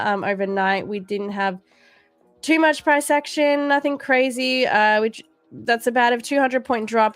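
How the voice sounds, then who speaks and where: Woman hosting a live stream, casual chat, lots of ums, mid pitch, faint music underneath. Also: dry recording. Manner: thinks aloud with frequent ums, reads viewer chat. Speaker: host of a live trading stream.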